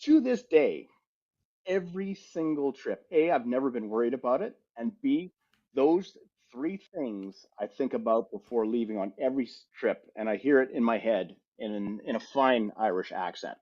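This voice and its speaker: Middle-aged male podcast co-host, lively rambling storyteller, slightly muffled audio. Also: mid-range voice, moderate pace. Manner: lively, rambling anecdote with frequent restarts. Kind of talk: casual storytelling.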